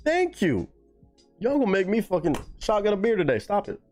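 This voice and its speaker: A man's voice: fast talker, soft background music. A man hosting a casual live stream, chatting with viewers and swearing freely. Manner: animated, swearing, jumps to high pitch when surprised. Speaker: livestream host reacting to music.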